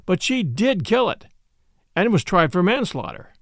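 A man's voice: sits high, big pitch swings, measured pace, vocal fry, a bit bright, no room sound, studio quality, heavily acted. A man voicing an earnest adult groom who speaks with grieved, indignant reproach.

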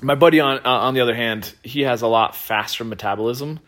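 A man hosting a podcast, telling a personal story in a loose, animated way, laughing often and using lots of fillers. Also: medium pitch, brisk. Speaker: podcast host. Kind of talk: casual storytelling.

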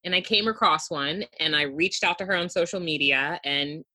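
A woman speaking as a guest author in a relaxed interview. Her voice sits low but has a bright, slightly husky edge. She talks in a loose, chatty way, full of "you know", with a dry, close sound. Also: moderate pace, no echo. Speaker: guest, debut picture book author. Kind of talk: casual conversational interview.

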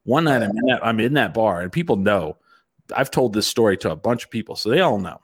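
A middle-aged man telling a profane, animated story in casual chat as a host. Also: fairly low pitch, fast, husky.

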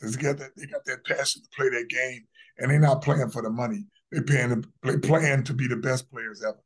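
A man's voice: mid-range voice, steady tone, brisk, breathy edge. A man in his fifties talking as a guest in a casual interview, brash and boastful, with emphatic delivery. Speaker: podcast guest.

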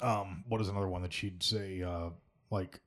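A man's voice: low voice, fairly even intonation, a bit bright. A man co-hosting a podcast, joking and swearing freely in casual chat. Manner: profane, joking, quick to laugh. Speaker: podcast co-host.

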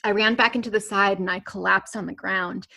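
A woman's voice: medium pitch, fairly even intonation, a little fast, creaky, sharp tone. A woman guest telling a personal story in conversation, rambling with many fillers and restarts and nervous laughs. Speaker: interview guest.

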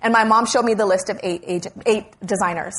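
A middle-aged woman as an interview guest, telling animated stories with frequent laughs. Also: medium pitch, quick pace. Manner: animated, storytelling with laughs and exclamations. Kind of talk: conversational interview.

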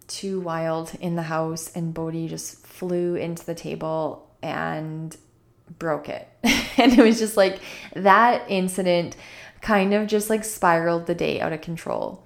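A woman in her thirties hosting a wellness podcast, talking casually with lots of "like" and "right?", slightly croaky after a run. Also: on the low side. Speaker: podcast host.

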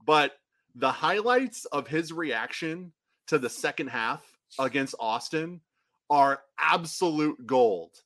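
A man's voice: on the high side, expressive, takes it slowly, fairly bright tone, no room sound. Man, podcast co-host, casual rambling chat, frequent restarts, dry close sound. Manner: rambling, restarts often, laughs between phrases.

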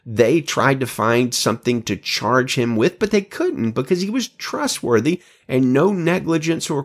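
A man giving an enthusiastic devotional Bible teaching, emphatic, with wry asides. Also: mid-range voice.

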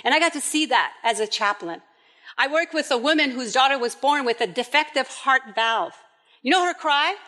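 Bright high-voiced woman preaching. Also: brisk. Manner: animated storytelling, acts out quoted voices. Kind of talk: sermon.

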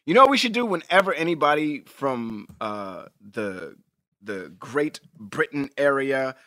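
A man co-hosting a podcast in casual chat, animated and emphatic, swearing freely. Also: mid-range voice, measured pace, no room sound, clean studio sound. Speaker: podcast co-host.

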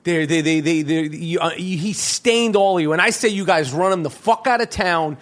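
A man's voice: a little high, normal speed, a bit bright. A man hosting a podcast, ranting with heavy swearing and stammering restarts. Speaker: podcast host. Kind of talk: profane comedic rant.

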